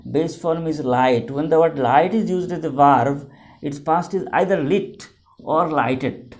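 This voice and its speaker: A man's voice: on the high side, measured pace. A man, teaching a story line by line as a teacher, repeating and rephrasing words with many fillers. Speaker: English teacher. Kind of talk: classroom lecture explaining a story.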